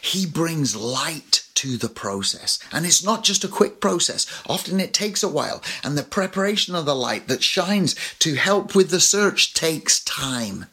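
A man's voice: fairly high pitch, big pitch swings, measured pace, few pauses, bright, forceful tone, slightly rough. A man preaching a sermon as pastor, telling personal stories with light humor. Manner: storytelling with personal anecdotes and humor.

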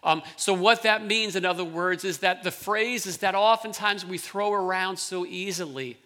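A man's voice: high voice, normal speed, bright, forceful tone. A man, a pastor, preaching a sermon in a conversational style, often restarting phrases as he explains a scripture passage. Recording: long hall reverb.

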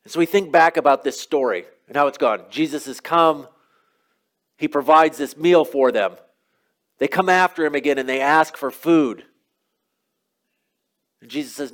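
A man's voice: fairly high pitch, moderate pace, long pauses. Conversational male pastor preaching. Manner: conversational, storytelling preaching with casual asides. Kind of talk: sermon.

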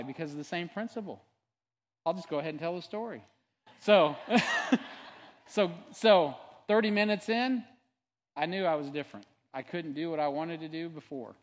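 A male pastor preaching a sermon in a conversational, storytelling way, earnest and animated, often restarting and adding asides. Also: fairly high pitch, normal speed, in a large hall. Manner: earnest and animated when testifying.

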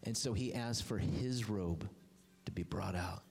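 Male pastor, sermon delivery, impassioned highs and hushed lows, reverberant church hall. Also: a little slow, vocal fry. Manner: impassioned, swings from high emphatic lines to low quiet ones.

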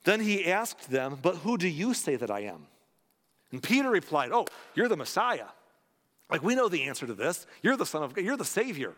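A man preaching a sermon as pastor, conversational and animated, acting out the quotes. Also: fairly high pitch, moderate pace. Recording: long reverb of a large hall.

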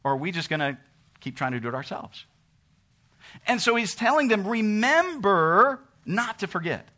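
Guy preaching a sermon, highish voice, gets loud then drops quiet, lots of rhetorical questions. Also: fairly quick. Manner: asks rhetorical questions and acts out what people say to God; animated, shifts between loud emphasis and quiet asides.

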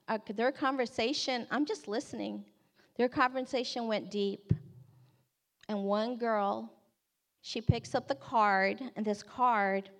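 A woman who works in campus ministry, telling an earnest, expressive testimony and acting out the people in it. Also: a little high. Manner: earnest, expressive storyteller who acts out quotes. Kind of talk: storytelling testimony talk.

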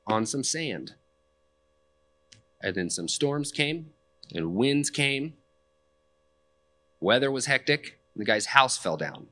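A man's voice: mid-range voice, fairly bright tone. A young man preaching a sermon in a conversational, plainspoken way, with casual asides. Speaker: pastor.

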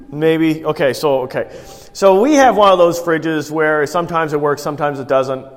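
A man with a fairly high voice preaches in a casual, story-driven way, often turning to his listeners with a question. His voice carries a long reverb tail from a church hall. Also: moderate pace, soft background music. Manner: conversational storytelling with rhetorical questions to the congregation. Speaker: pastor. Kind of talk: sermon.

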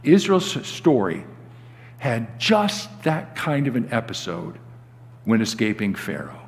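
A man's voice: mid-range voice, big pitch swings, slow pace, vocal fry. An older man preaching a sermon as a guest pastor, telling stories and acting out the quoted lines with rising emphasis. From United States. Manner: storytelling, acts out quoted dialogue with rising emphasis. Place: church sanctuary. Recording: long hall reverb.

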